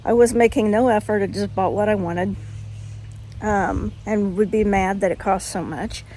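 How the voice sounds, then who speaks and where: A woman's voice: mid-range voice, fairly even intonation, moderate pace, mellow, slight background noise. An older woman chatting frankly in a casual home vlog, folksy, with frequent ums. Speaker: vlogger.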